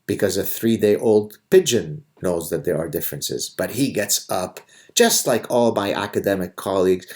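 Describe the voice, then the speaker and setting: A middle-aged man rants in a sarcastic, combative monologue. His voice sits a little low, and he talks like a host holding forth on a live audio chat. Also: a little mellow.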